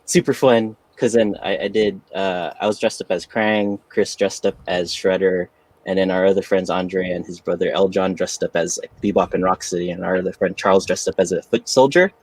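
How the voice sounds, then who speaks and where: A man's voice: sits low, steady tone, brisk, no room sound. A man on a podcast telling a rambling, laughing story in casual chat. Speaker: podcast panelist.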